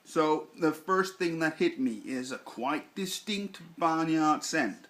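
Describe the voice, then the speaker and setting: A man giving a casual product review in a slow, deliberate way, thinking aloud with fillers. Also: on the high side, animated, fairly bright tone. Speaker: snuff reviewer.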